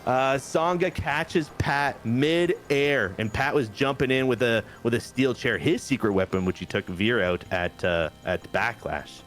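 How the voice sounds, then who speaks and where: A man hosts a playthrough with casual, hyped commentary at a middling pitch. He keeps it playful and chatty over faint background music. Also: a little slow, hardly any pauses, fairly bright tone. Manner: hyped, playful, says "baby" a lot. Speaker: host.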